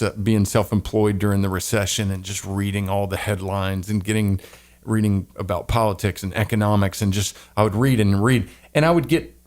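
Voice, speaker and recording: A man's voice: lowish voice, darkish tone. Man with a light Southern accent. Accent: light Southern American. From American South. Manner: rambling, self-interrupting, joking. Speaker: podcast co-host. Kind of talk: casual faith podcast chat.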